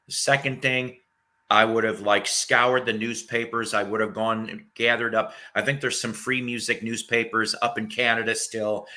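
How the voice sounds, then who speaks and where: A man's voice: lowish voice, level tone, normal speed, bright, forceful tone. A man hosting a casual chat show, rambling enthusiastically about old records and bands and swearing now and then. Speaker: host.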